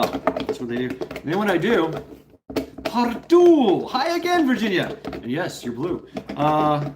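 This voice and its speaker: A man's voice: mid-range voice, background noise. A man hosting a casual live stream, rambling playfully, greeting viewers by name and coaxing his dog between remarks. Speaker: livestream host.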